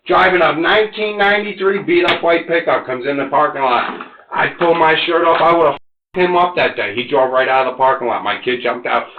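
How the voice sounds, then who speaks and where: A man in his forties under police interrogation, ranting and cursing, swinging between loud outbursts and low mutters. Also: fairly even intonation, a little fast, slight background noise. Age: 40s. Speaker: interrogation suspect. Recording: echoey, muffled interrogation room recording.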